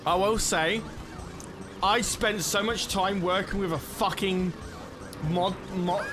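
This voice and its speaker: A young man with a voice a bit higher than most men's, rambling through casual chat while he plays a kart-racing game on stream. He swears freely and keeps stopping and restarting his thoughts. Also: fairly even intonation, slow pace, over music. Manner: rambling, frequent swearing, stops and restarts sentences.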